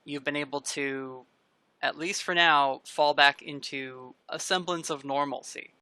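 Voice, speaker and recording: A woman narrating as game master of a tabletop game, in a relaxed, chatty way. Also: sits low, clean tone, no echo. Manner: relaxed, chatty narration with quick voiced asides.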